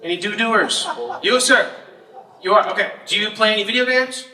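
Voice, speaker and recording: A man's voice: high-pitched, normal speed, pushed and bright. Sarcastic young comedian man, echoey stage. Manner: punchy, sarcastic storytelling with crowd work. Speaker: stand-up comedian. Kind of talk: stand-up comedy set. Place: comedy festival stage before a live audience. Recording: echoey live room, mic far off, noisy.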